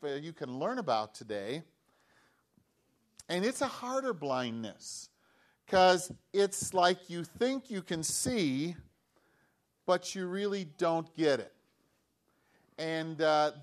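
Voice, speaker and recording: A man preaching a children's sermon, telling a story in an animated way and asking the children questions. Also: fairly high pitch. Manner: animated, asks children questions, acts out voices. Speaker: pastor giving a children's message.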